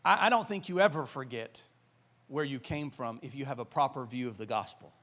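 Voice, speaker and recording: A man's voice: mid-range voice, brisk, a bit bright. A man in his forties with a Southern American accent, a pastor preaching a sermon in a loose, conversational way full of fillers and restarts.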